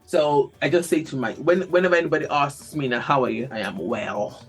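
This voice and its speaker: Podcast host, female, husky, animated, laughs easily; faint music bed. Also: low-pitched, brisk. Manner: animated, laughs often, repeats words. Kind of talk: casual podcast chat.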